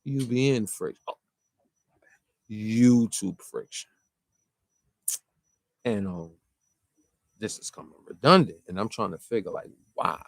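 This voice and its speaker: A man's voice: lively intonation, takes it slowly, vocal fry, long pauses, no echo. A man ranting casually to camera as a vlogger, rambling and slangy. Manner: rambling, slangy, pitch jumping up and down. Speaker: vlogger reacting to a track.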